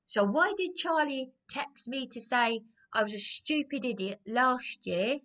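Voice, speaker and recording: Woman, higher voice, slow delivery, rambling agitated rant, repeats herself. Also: fairly bright tone. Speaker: vlogger. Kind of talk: aggrieved personal rant to camera.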